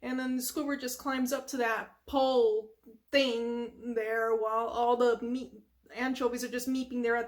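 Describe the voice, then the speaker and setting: A woman's voice: a little high, flat delivery, unhurried. A woman hosting an ASMR channel, casually retelling a cartoon from memory in a rambling way, with lots of filler words and sound effects.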